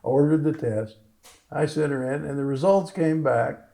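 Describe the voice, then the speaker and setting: A man tells a story from his years as a doctor. His voice is gravelly and mellow, pitched a touch high for a man, and he acts out the other people's lines as he goes. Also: moderate pace, low-quality recording. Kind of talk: storytelling at a live Q&A. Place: fitness gym, indoors.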